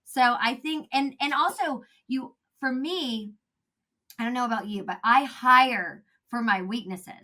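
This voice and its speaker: Bright high-voiced animated woman. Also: measured pace. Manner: animated, laughing, acts out quotes. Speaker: guest. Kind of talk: casual interview chat.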